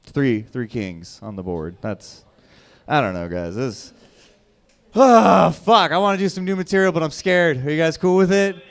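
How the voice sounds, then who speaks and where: Working a comedy club crowd, a young man rattles off profane material at normal speed in a clean tone, his volume rising to shouts and sinking to mutters.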